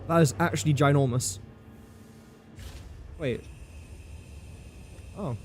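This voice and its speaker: A man's voice: a little high, slow, slight background noise. Chatty man thinking aloud while gaming. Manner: thinks aloud, chatty, talks to the game and to chat. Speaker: game streamer. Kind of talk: live gameplay commentary.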